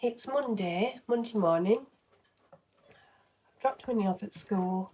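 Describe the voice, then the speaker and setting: A woman's voice: medium pitch, slow pace, pauses often, a little hiss or hum. A woman chatting casually at home in a vlog, tired and rambling with lots of fillers. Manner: chatty, rambling, soft-spoken with frequent fillers. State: tired, yawning. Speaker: vlogger.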